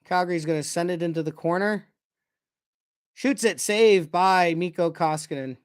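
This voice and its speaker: A man giving casual play-by-play of a hockey game as a fan, excitable and quick to swear, breaking into shouts when his team scores. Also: high-pitched, clear, resonant tone. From Canada. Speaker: fan commentator. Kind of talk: casual play-by-play watch-along.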